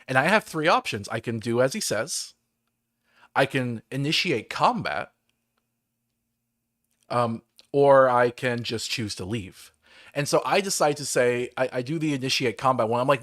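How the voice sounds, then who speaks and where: A man's voice: medium pitch, sing-song, moderate pace, a bit bright. A man hosting a livestream, rambling through a game story in casual chat with lots of fillers. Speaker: livestream host.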